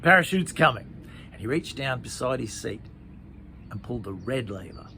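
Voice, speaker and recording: A man reading a children's story aloud, chatty, with asides and hushed passages. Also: on the low side, normal speed, gravelly, a little hiss or hum.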